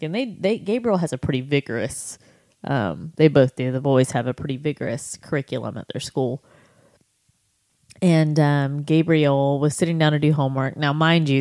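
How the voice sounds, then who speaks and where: A woman's voice: low-pitched, warm tone, dry recording, clean studio sound. A woman in her thirties co-hosting a casual faith podcast, telling stories with many fillers and restarts. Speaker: podcast co-host.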